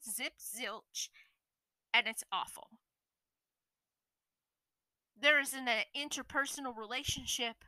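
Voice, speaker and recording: A high, piercingly bright woman's voice, blunt and profane as she rants to her viewers. She sounds exasperated, and the sound is close and completely dry. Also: smooth, no echo, low-quality recording. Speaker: streamer and influencer. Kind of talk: ranting vlog monologue.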